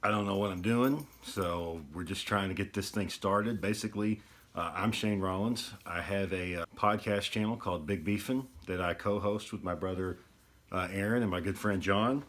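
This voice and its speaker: A deep-voiced man, talking to camera as a podcast host. He rambles in an easygoing, unpolished way. His low, heavy voice carries the whole casual chat. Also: moderate pace, fairly bright tone. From East Texas. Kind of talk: casual solo video podcast talk.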